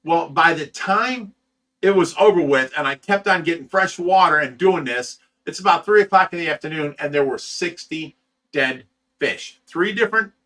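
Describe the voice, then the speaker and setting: A man's voice: on the high side, sharp tone. A man who runs a fish rescue, telling a story on a livestream in a heated, profane way and stammering over repeated words. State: sleep-deprived.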